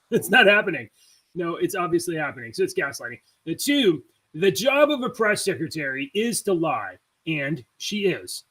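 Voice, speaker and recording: Man, podcast co-host, high voice, explains, laughs easily. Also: sing-song, moderate pace, pushed and bright, slightly rough, poor audio. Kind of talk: casual podcast chat.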